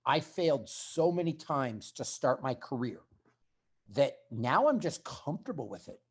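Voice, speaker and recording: A man's voice: medium pitch, expressive, unhurried, husky. A man telling his story as a podcast guest, in a blunt, emphatic conversational way.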